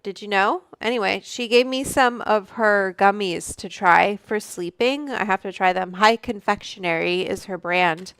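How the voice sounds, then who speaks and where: Woman livestreaming from home, slow easy talk, rambly and swears a lot, smooth voice. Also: medium pitch, fairly bright tone, no echo, clean studio sound. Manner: rambling, chatty, reads out viewer names and swears freely. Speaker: livestream host. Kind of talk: casual livestream chat. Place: room at home. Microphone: studio microphone.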